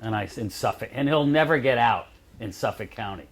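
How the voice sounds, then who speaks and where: A man with a mid-range voice and a lively, swinging pitch tells anecdotes to a lecture audience. He is chatty and chuckles at his own stories. His manner is loose and conversational. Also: a little fast, gravelly, breathy edge. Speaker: advocate speaking at a college lecture. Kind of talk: storytelling talk to an audience. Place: lecture room.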